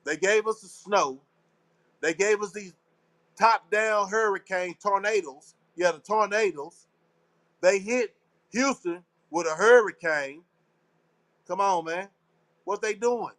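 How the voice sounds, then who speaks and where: Taking it slowly and pausing often, a Texan man with a high, slightly bright voice hosts a casual live talk show. His rambling to listeners is slangy, preachy and conspiratorial, full of repeated phrases.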